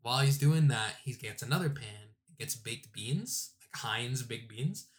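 A man's voice: medium pitch, expressive, a little slow. Laid-back young man, casual chat. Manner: laid-back, heavy use of "like".

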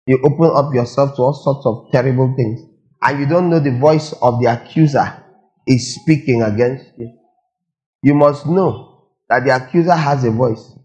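A man's voice: medium pitch, a little mellow, dull audio. A man preaching a sermon, firing rhetorical questions and repeating lines for emphasis. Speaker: pastor.

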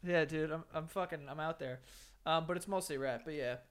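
A man's voice: fairly high pitch, fairly quick, smooth. A man co-hosting a podcast, giving dry, joking replies in casual chat. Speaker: podcast co-host.

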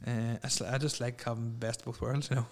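A man's voice: mid-range voice, level tone, quick pace. A young man, co-hosting a casual chat with rambling, crude and laughing banter. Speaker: podcast co-host.

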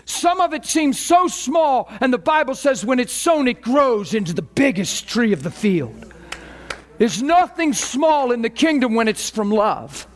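High-voiced man preaching a storytelling sermon. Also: a little slow. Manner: storytelling, repeats words, builds to excited peaks. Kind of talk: informal sermon.

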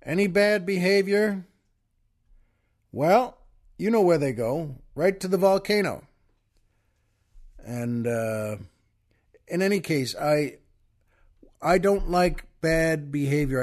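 A man's voice: a little high, slow, long pauses, darkish tone. A man hosting a podcast, telling a long story in a folksy, chatty way and talking straight to his listeners. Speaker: podcast host. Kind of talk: storytelling monologue.

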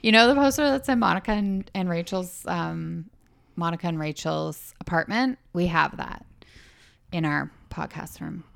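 Middle-aged woman, low gravelly voice, dry close sound, rambling podcast chat. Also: moderate pace, dry recording. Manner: chatty, rambling, laughs often. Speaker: podcast co-host. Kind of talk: casual chat. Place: podcast room.

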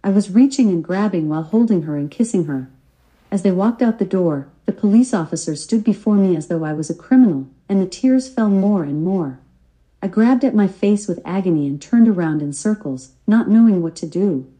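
Very dark-voiced woman reading her memoir. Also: medium pitch, expressive, brisk, rough recording. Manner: earnest, devout testimony. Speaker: memoir author and narrator.

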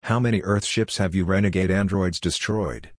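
A man's voice: low-pitched, normal speed, no echo, clean studio sound. A man playing a scornful old senator. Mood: accusing. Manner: blunt, dismissive. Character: old male human senator, hostile, scornful.

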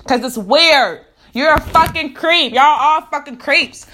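Woman, high voice, sharp bright tone, profane blunt rant. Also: moderate pace. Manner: profane, emphatic, rhetorical.

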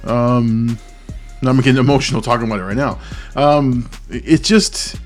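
A man in a casual vlog talks through his thoughts on a movie. His voice sits at an ordinary middle pitch, and he speaks earnestly, searching for words and circling back as he goes. Faint music plays softly behind him. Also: normal speed. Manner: earnest and open about his feelings. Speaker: movie reaction channel host. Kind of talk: casual spoken movie review.

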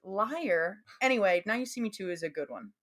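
Southern woman co-host, chatty and rambling, mid-pitched, easy laugh. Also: very animated, racing. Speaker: podcast co-host. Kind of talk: casual chat.

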